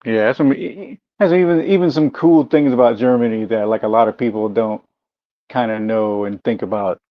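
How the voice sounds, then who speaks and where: A man's voice: mid-range voice, normal speed. An easygoing man chatting on a livestream, agreeing often and speaking loosely with many fillers. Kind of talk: casual chat. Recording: dull lo-fi sound.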